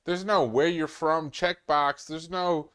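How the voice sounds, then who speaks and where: A young man from New York talking in a loose, animated way on a casual podcast, full of fillers. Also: on the high side, slow, clean tone. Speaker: podcast guest. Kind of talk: casual chat.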